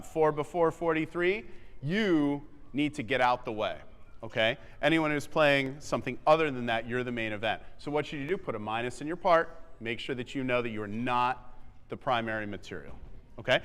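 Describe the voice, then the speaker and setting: A man's voice: mid-range voice, animated, moderate pace, fairly bright tone, clean tone. Upbeat male band clinician, echoey theatre. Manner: upbeat, sings melodies on syllables and counts the band in. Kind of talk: live wind band rehearsal coaching. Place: large theatre stage. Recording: echoey hall, long reverb.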